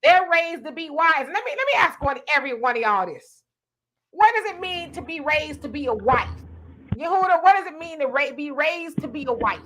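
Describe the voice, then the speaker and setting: High, bright, blunt woman host. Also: big pitch swings, moderate pace, a little hiss or hum. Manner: blunt, challenging, talks over others. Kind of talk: casual group chat.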